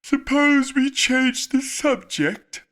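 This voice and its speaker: A man's voice: on the high side, wildly swooping pitch, normal speed, a bit bright, heavily acted. A man voicing a bored, impatient male hare in a storybook reading. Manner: impatient, yawning.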